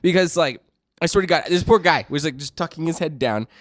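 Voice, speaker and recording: A man co-hosting a podcast in casual chat, telling profane stories and acting out quotes in shrill voices. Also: animated, brisk, no room sound, studio quality. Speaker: podcast co-host.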